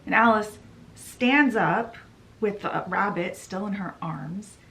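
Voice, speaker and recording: A young adult woman giving a chatty, animated recap of a novel on her vlog. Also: medium pitch, slow, rough recording. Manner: chatty, animated retelling with quoted voices. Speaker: book vlogger. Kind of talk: casual story recap.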